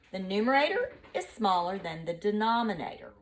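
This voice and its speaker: Brief: woman teacher, recorded online math lesson, lively and playful, chatty. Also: medium pitch, measured pace.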